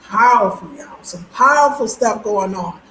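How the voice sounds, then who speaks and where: A woman's voice: mid-range voice, animated, moderate pace, fairly bright tone, roomy sound, a little hiss or hum, rough recording. A woman vlogger talking casually to her viewers in an emphatic, preachy way, addressing them as y'all from a room indoors.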